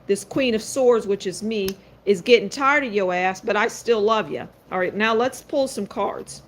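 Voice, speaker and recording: A woman's voice: medium pitch, normal speed, slight background noise. A woman doing a live-stream tarot reading. She is blunt and sassy and speaks straight to her viewers. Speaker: tarot card reader.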